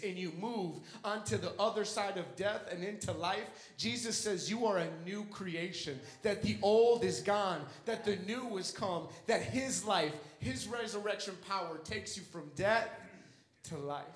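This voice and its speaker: A man's voice: high voice, a little slow, fairly bright tone, roomy sound, poor audio. A young man preaching a sermon with an impassioned, repetitive cadence.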